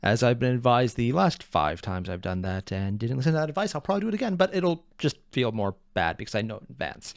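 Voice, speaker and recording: A man's voice: mid-range voice, animated, fast talker, vocal fry, few pauses, dry recording, clean studio sound. A man hosting a reaction video, rambling in a casual, self-deprecating way.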